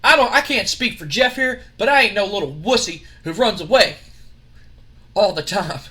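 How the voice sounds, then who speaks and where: A man's voice: high-pitched, moderate pace, bright, forceful tone. A man voicing a cocky male wrestling champion who answers a challenge with firm defiance. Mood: defiant.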